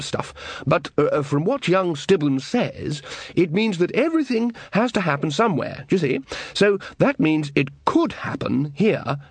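A man's voice: a little high, creaky, husky, no echo, heavily acted. Guy doing a rambling old wizard, lots of uhs, dry close mic. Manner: hesitant, full of "uh"s. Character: blustering older male wizard, slow-witted.

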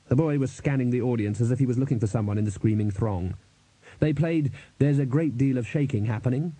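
A man reads an audiobook in a dry, measured way, his voice very dark and mellow with a husky edge. The recording is close and dead, with no room sound at all. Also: mid-range voice, dry recording, poor audio. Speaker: narrator. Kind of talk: audiobook narration.

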